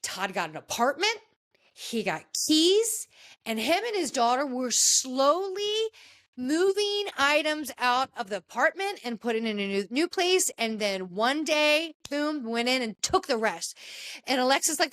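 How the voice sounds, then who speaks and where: A woman hosting a podcast, recapping a reality show in casual, gossipy chat with animated, jumpy delivery. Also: a little slow. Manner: animated, gossipy retelling with sudden pitch jumps. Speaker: podcast host.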